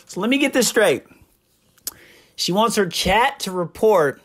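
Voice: mid-range voice, fairly bright tone. A young adult streamer giving indignant reaction commentary, ranting and repeating rhetorical questions.

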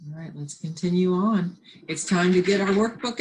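A woman teacher giving a remote phonics and spelling lesson, slowly sounding out letters and words and encouraging her absent students. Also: lowish voice, a little mellow, slight background noise.

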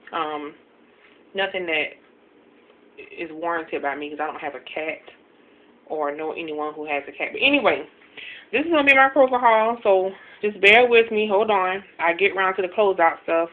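A woman in a casual home haul video, talking quickly and chattily about her shopping with many ums and self-deprecating asides. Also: fairly low pitch. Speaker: couponing vlogger showing a grocery haul. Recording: tinny phone-like sound, faint hiss.

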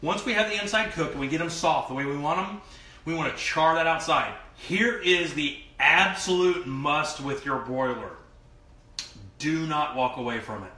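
A man hosting a live cooking show, talking in an animated, emphatic, joking way while he cooks. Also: on the high side, moderate pace, roomy sound. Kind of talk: live cooking demo chat.

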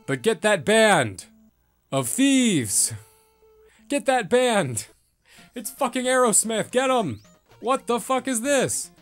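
A man commenting on a retro game as he plays, swearing and reacting loudly. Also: very high-pitched, sing-song, slow pace, long pauses, faint music behind. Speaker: gameplay streamer. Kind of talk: excitable let's-play commentary.

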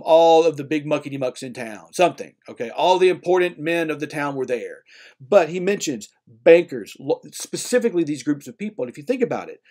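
A man lecturing a class on literature in a conversational way, often checking in with "okay?" and "right?". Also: a little high. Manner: animated, acts out voices when retelling.

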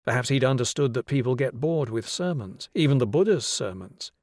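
A man narrating a novel as an audiobook in a measured, even storytelling manner. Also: mid-range voice, no room sound, studio quality.

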